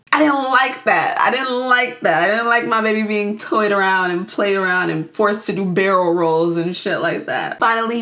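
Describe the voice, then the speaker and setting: Chatty young woman recapping a movie. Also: medium pitch. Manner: chatty, expressive, jokey. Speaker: youtuber.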